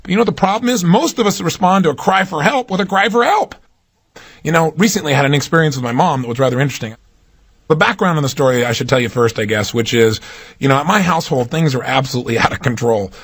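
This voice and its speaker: A man's voice: a little high, lively intonation, quick pace, husky. A man giving a motivational talk, emphatic and swinging his voice up and down to stress points. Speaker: motivational speaker.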